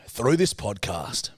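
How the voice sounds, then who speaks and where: A man's voice: mid-range voice, dry recording, studio quality. A man co-hosting a podcast, chatting casually, swearing and cracking jokes. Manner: swearing, joking, loud bursts of laughter. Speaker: podcast co-host. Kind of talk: casual banter.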